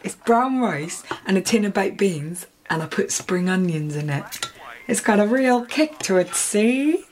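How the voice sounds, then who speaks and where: A woman's voice: medium pitch, lively intonation, measured pace, a little mellow, close to an everyday voice. An actress playing an awkward, chatty young Englishwoman with an Estuary accent, who rambles and puts herself down, both in scenes and in voice-over narration. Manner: chatty, rambling, self-deprecating. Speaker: lead character and narrator. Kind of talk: TV comedy acting with voice-over narration.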